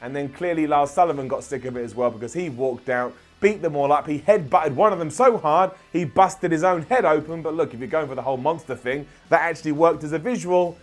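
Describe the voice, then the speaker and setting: Animated, high-pitched sarcastic man. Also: brisk, few pauses. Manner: sarcastic, animated, jokey asides. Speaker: wrestling show reviewer. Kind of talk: opinionated recap commentary. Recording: light background music.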